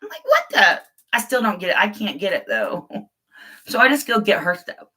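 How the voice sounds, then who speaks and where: A woman's voice: medium pitch, expressive, moderate pace, pushed and bright, slightly rough. A woman chatting casually on a live stream, rambling and laughing, greeting viewers by name.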